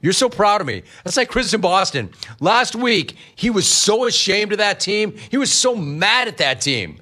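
A middle-aged man hosting a sports talk radio show, riffing lively on callers and the news. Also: high-pitched, moderate pace. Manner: lively, riffing, mock-quoting callers and family.

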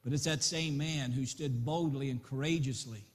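A man preaching an impassioned sermon that swells into loud appeals. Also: mid-range voice, normal speed. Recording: long reverb in a large hall.

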